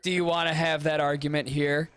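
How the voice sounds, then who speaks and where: A man's voice: on the high side, little pitch movement, fairly quick, fairly bright tone, clear, resonant tone, dry recording. A man who is a guest on a podcast, talking casually and bantering with some swearing. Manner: laid-back, swearing banter.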